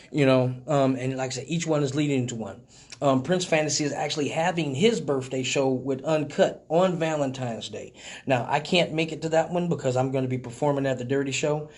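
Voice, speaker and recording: Man, live-stream host, fairly high voice, casual, joking, profane. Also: a little mellow. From Michigan. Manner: loose, profane, joking, lots of fillers. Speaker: male stripper hosting a live Q&A stream.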